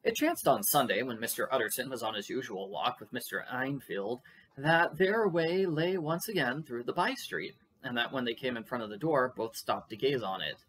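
A man's voice: mid-range voice, lively intonation, normal speed, fairly bright tone. A man reading a classic novel aloud, with chatty, musing comments between chapters. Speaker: audiobook reader.

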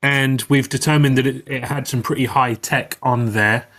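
A man's voice: medium pitch, steady tone, normal speed, fairly bright tone. Guy playing a tabletop rpg, friendly, plain talk, average voice. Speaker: player. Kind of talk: casual chat in a tabletop game.

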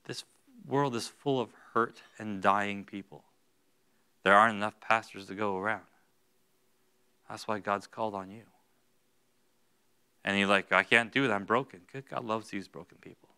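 A male pastor preaching a sermon in a church, going from hushed, slow lines to loud, high-pitched bursts. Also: clean tone. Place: church sanctuary.

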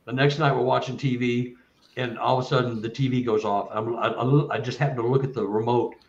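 A man's voice: medium pitch, steady tone, a little fast, echoey room, highs cut off. A man, a guest speaker, telling a long first-person story in an earnest, rambling way with many restarts.

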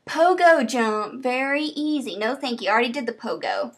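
High-voiced, excitable woman gamer. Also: moderate pace, hardly any pauses, husky. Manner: excitable, profane, laughs and shouts at the game. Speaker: gaming channel host. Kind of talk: let's play commentary.

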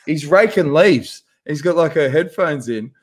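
A man, a podcast co-host telling a profane, animated anecdote in casual chat. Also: on the high side, a little slow, husky. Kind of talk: casual storytelling.

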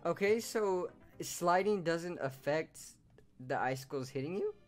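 A man giving casual commentary over his own gameplay, with hiccups, swinging between loud surprised outbursts and low muttering. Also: unhurried, soft background music. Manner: excitable, shouts in surprise then mutters low. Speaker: gaming YouTuber.

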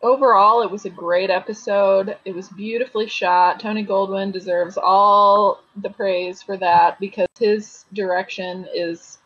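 A woman co-hosting a podcast, chatting excitedly about a TV episode and giggling as she quotes it. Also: mid-range voice, unhurried, few pauses. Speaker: podcast co-host. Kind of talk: casual chat recapping a TV episode. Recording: dull lo-fi remote line.

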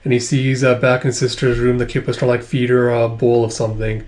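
A man's voice: mid-range voice, completely flat delivery, brisk, darkish tone. A man casually narrating a comic aloud with many fillers. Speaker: comic reader, channel host.

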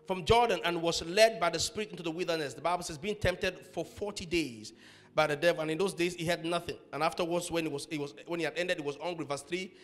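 A man preaching a sermon as pastor of a church, acting out people's quarrels in lively voices. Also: fairly high pitch, fast. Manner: animated preacher acting out quarrels, laughing at his own stories.

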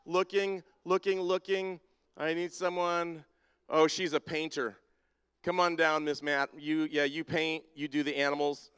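In a large church sanctuary with a balcony and spotlights, a man leads a playful congregation activity, teasing people and calling them down by name. His voice is a little high, level, unhurried, slightly bright and smooth, and the long reverb of the big hall surrounds it.

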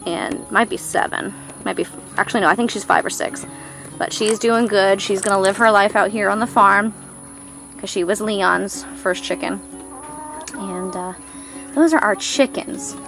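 A woman giving a casual farm tour as a vlogger, often switching to a high, cooing baby-talk voice for the animals. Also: normal speed, vocal fry, fairly bright tone. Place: outdoors on a farm. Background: background music.

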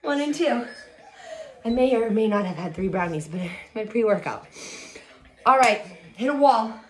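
A woman fitness instructor coaching a low-impact cardio workout, energetic and a little out of breath as she counts reps and cheers people on. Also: normal speed. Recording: echoey room with music.

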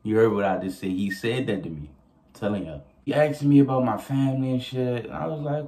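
A young man telling a story casually to his viewers, animated and profane, often laughing as he goes. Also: medium pitch, a little fast. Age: young adult. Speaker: vlogger.

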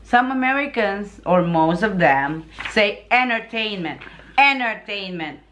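Bright-voiced Filipina woman, slow chat. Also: mid-range voice, expressive, a little hiss or hum. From Philippines. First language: Tagalog. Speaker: vlogger. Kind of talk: casual chat.

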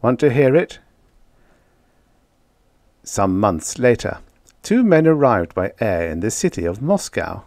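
A man reading a vintage science fiction story aloud as an audiobook narrator, in expressive storytelling. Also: lowish voice, no room sound, clean studio sound. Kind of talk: scripted narration.

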